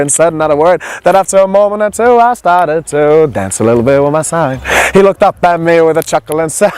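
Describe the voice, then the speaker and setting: A male traveling storyteller delivers his tale in a rhythmic, theatrical patter. He talks very fast and hardly pauses. His voice sits a little high for a man. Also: animated, clean tone. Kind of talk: spoken-word storytelling performance.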